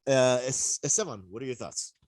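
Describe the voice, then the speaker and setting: A man's voice: medium pitch, moderate pace, a little mellow. A man hosting a casual podcast, playful and joking, introducing the guest. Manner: playful, jokey, laughs often. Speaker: podcast host. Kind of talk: casual chat.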